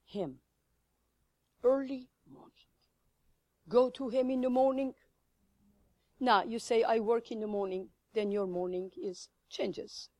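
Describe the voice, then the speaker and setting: High-voiced woman preaching with fervor. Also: dry recording. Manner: fervent, swings between loud exhortation and hushed whispers; laughs now and then, addresses the audience directly. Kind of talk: sermon.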